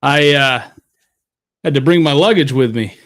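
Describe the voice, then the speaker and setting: A man's voice: medium pitch, unhurried, a bit bright. A man co-hosting a casual sports podcast on a headset, laid-back and joking, swearing freely. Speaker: podcast co-host.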